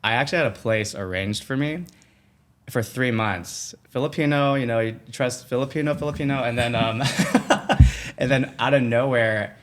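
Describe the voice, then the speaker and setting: A man guesting on a podcast, telling a personal story in a casual, animated way, full of "like" fillers and acted-out quotes. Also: mid-range voice, moderate pace. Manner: animated, acts out quoted voices, many "like" fillers.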